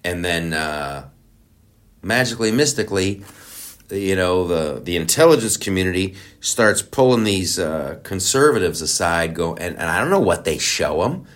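Male commentator, fairly low voice, sarcastic, swears freely, rambling heated monologue. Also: expressive, moderate pace. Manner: rambling with frequent restarts. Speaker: political commentator. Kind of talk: ranting monologue.

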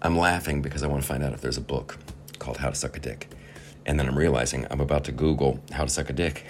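A man's voice: a bass voice, fairly even intonation, fast, a little hiss or hum. A man hosting a podcast, delivering a profane, sarcastic comedic rant with laughing asides. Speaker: podcast host. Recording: faint guitar music behind.

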